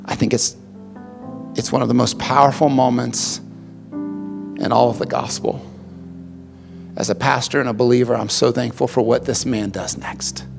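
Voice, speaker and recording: A male pastor preaching a sermon, swinging between loud passionate emphasis and hushed quiet stretches, often repeating words as he starts a phrase. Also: mid-range voice, fairly even intonation, normal speed, creaky, pauses often, in a large hall, over music.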